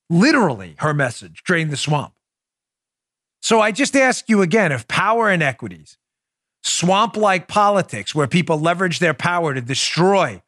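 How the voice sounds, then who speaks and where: Male podcast host, high-pitched and sharp-toned, sarcastic and emphatic, dry close sound. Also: no room sound. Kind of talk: opinionated podcast monologue.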